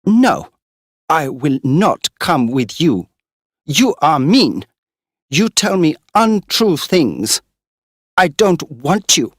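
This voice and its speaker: A man reading an audiobook, voicing a wildly angry young woman who shouts and repeats her insults. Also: a little high, very animated, moderate pace, hardly any pauses, no echo, studio quality, pitched above the performer's own voice. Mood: furious.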